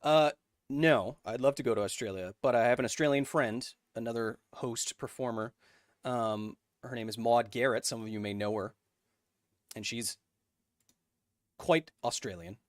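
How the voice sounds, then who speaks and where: A man hosting a science livestream, chatting casually and reading out viewer donations in an upbeat, joking way with bursts of excitement. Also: mid-range voice, normal speed, no echo, clean studio sound. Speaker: science YouTuber host.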